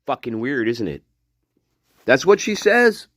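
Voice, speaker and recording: A man's voice: medium pitch, sing-song, unhurried, dry recording, clean studio sound. A man hosting a casual true-crime commentary video, blunt and mocking, swearing freely and chuckling between remarks.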